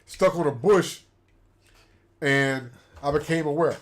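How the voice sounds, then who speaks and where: Man telling a war story, animated. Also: a little high, slow pace. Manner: animated storyteller, acts out quotes, laughs. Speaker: livestream host, former paratrooper. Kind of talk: casual storytelling.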